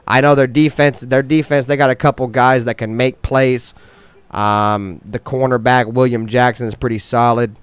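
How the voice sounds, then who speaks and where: A man hosting a fan sports show, delivering swaggering, heavily profane trash talk in slang that grows loud and high-pitched when he gets worked up. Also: steady tone, moderate pace, clear, resonant tone, dry recording.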